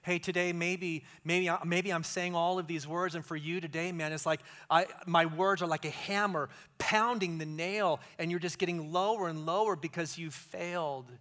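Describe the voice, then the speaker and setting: A man preaching a sermon as pastor, conversational and animated, dropping to hushed tones for emphasis. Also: on the high side, normal speed, hardly any pauses.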